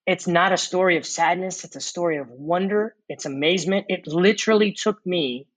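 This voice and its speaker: A man guest in an interview, earnestly telling a personal testimony with reflective pauses and fillers. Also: high-pitched, a bit bright, dry recording, low-quality recording. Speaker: former corporate executive turned mission worker.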